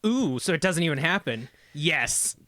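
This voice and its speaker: Bright-voiced man playing a tabletop game. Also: on the high side, animated, unhurried, no echo. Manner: laughing often, hesitant with fillers. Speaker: player. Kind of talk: casual tabletop game chat.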